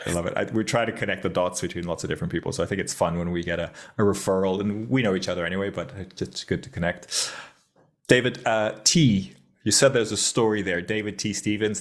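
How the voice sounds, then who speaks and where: A male podcast host with a somewhat low voice. He interviews his guest in a friendly, chatty way, often stopping and restarting his sentences. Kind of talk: interview hosting.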